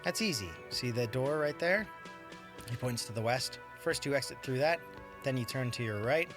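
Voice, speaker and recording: A man's voice: medium pitch, lively intonation, normal speed, music in the background, lightly acted. A man voicing a grumpy male bar manager in a detective game, speaking curtly and sarcastically. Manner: curt, sarcastic.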